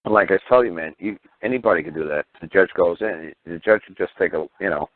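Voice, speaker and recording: A man's voice: low-pitched, quick pace. A man hosting a talk radio show, speaking bluntly and heatedly with profanity and stammering restarts. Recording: tinny phone-line radio audio.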